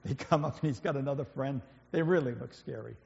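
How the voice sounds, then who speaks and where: A man gives an informal sermon with slides from the front of a church, talking loosely and conversationally with lots of ums, fillers, and false starts. His mid-range, gravelly, darkish voice moves fairly quickly and trails a long reverb through a large hall, while the recording sounds dull and muffled.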